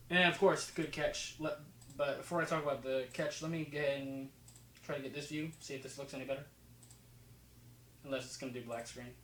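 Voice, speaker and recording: A man's voice: medium pitch, fairly even intonation, fairly quick, fairly bright tone, echoey room, rough recording. A man from New Jersey with a slight New Jersey accent, casually talking over football game film, rambling with fillers and restarts. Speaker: football film breakdown host.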